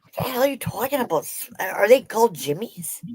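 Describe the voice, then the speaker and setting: Woman from Minnesota, husky, lively up-and-down voice, jokey and crude, loose livestream banter. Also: fairly high pitch, fairly quick, dry recording, rough recording. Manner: joking, profane, laughs a lot. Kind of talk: casual chat.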